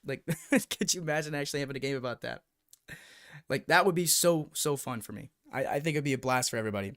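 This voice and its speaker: A young man from the United States chatting on a live stream, excitable and rambling as he talks to his viewers. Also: mid-range voice, fast talker. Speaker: YouTube VR streamer. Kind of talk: casual live-stream chat.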